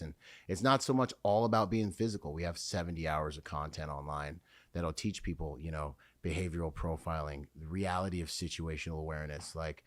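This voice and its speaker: A man's voice: extremely low pitch, no room sound. A man talking as a podcast guest, telling his life story candidly with plenty of fillers and restarts. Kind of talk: conversational storytelling.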